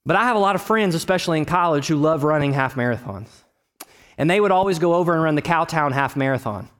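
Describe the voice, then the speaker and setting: A man in his thirties from Texas preaching a sermon, conversational with personal stories, rising to loud emphatic bursts and dropping to quiet low asides. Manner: conversational, with restarts and personal anecdotes. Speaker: pastor.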